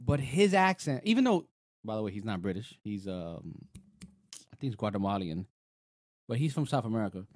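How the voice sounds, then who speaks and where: A man co-hosting a casual show chat, talking in an animated, rambling way with lots of fillers. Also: fairly low pitch, normal speed, pauses often, no room sound, studio quality. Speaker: podcast co-host. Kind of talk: casual chat reviewing a TV episode.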